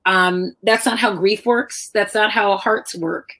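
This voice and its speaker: A middle-aged woman author telling personal stories in a lively conversational talk, acting out the voices of people she quotes. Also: mid-range voice, slow pace. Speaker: author guest.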